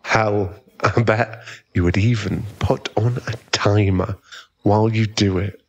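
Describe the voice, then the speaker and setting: A man's voice: lowish voice, fairly even intonation, measured pace, vocal fry, darkish tone, highs cut off. A man voicing a cocky, mocking young male bully in a whispered role-play, with a smug, drawling manner close to the mic. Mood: teasing. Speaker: ASMR roleplay performer.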